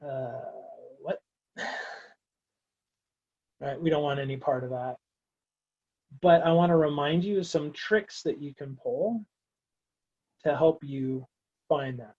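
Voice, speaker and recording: A man's voice: on the high side, unhurried, long pauses, a little mellow, breathy edge, lo-fi sound. A man teaching a recorded math lecture, working through steps aloud in a casual, wry way. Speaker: math instructor.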